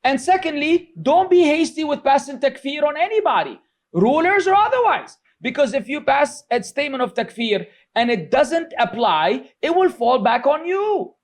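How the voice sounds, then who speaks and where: A strikingly high-voiced middle-aged man gives an informal religious lecture. He scolds and mocks, and his delivery is loose and chatty, full of fillers. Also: expressive, moderate pace, hardly any pauses. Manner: sarcastic, scolding, mocks critics in quoted voices. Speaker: religious teacher.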